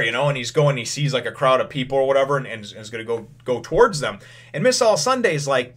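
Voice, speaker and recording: A man's voice: medium pitch, expressive, fast talker, a bit bright. A man hosting his own channel, casually retelling a comic chapter, rambling with lots of "you know" fillers and the odd chuckle. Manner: chuckles now and then. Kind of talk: casual chat recap.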